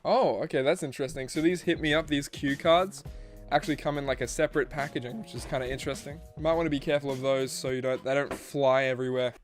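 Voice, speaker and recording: A man with an Australian accent, joking and getting excited as he unboxes and reviews a collectible figure. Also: mid-range voice, fast talker, soft background music. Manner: goofy, jokey, excitable. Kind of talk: casual unboxing chat.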